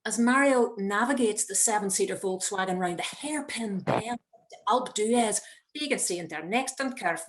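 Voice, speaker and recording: A middle-aged woman, telling a personal story in a wry, measured way with dramatic pauses, recorded at home over a video call. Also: medium pitch. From Northern Ireland. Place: home, indoors.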